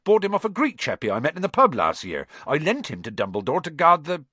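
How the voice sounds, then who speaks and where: A man voicing a big, gruff male gamekeeper who speaks in a folksy dialect, reading an audiobook. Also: on the high side, wildly swooping pitch, fast, bright, forceful tone, dry recording, pitched above the performer's own voice, full character voice.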